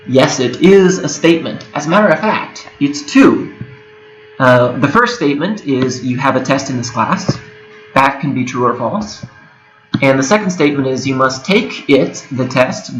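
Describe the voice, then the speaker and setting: A young man in his twenties talks through a recorded lecture in a loose, conversational way, dropping fillers and fixing his own slips as he goes. His voice comes across bright and forward. The room behind him is echoey, with a steady whir. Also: mid-range voice. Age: 20s. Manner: conversational, with frequent fillers and self-corrections. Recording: echoey room with a whirring hum.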